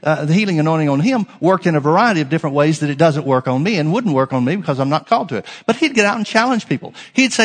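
Male pastor, preaching a sermon, emphatic and dynamic, slightly higher pitch, big reverberant hall. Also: lively intonation, rapid-fire, hardly any pauses. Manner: emphatic preaching, swinging from loud to hushed.

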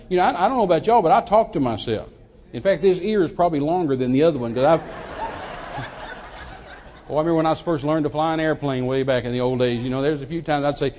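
Older man, preacher, animated storytelling sermon, repeats words, slightly high voice. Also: fairly quick. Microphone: handheld microphone.

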